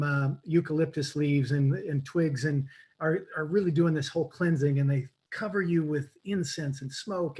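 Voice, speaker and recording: A man on a video call telling a personal story in a live webinar, animated and dropping to a whisper for quoted lines. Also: on the high side, slightly rough, rough recording. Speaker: guest coach.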